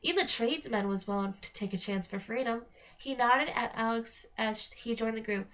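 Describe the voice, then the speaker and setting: A woman reading a novel aloud in a steady storytelling manner, slowing on key phrases. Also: fairly high pitch. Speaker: reader. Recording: dull lo-fi recording.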